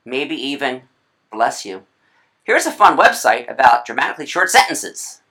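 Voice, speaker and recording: Writing instructor, video lecture, bright tone, chatty, playful asides, self-correcting. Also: medium pitch, big pitch swings, normal speed.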